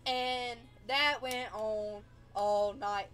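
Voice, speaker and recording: Higher-voiced woman telling a rambling story. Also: steady tone, extremely slow, fairly bright tone. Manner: rambling, acts out quoted dialogue. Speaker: livestream host. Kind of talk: casual personal storytelling.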